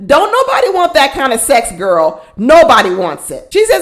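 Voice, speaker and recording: A woman's voice: sits high, wildly swooping pitch, moderate pace, hardly any pauses. A woman hosting a casual reality show recap, blunt and sassy, often repeating her points for emphasis.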